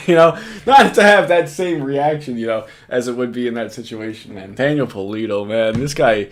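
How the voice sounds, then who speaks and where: A man's voice: medium pitch, animated, normal speed, few pauses. A man giving casual, profane reaction commentary on a video clip, laughing often and mocking what he watches. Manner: casual, laughing often, profane, repeats clips in mock voices. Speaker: commentary host.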